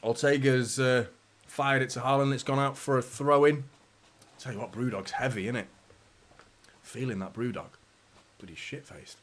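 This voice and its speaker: A man's voice: mid-range voice, fairly even intonation, moderate pace, pauses often. Chatty man commentating live. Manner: chatty and casual, with mild swearing and banter. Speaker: fan channel host. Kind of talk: live match watchalong commentary.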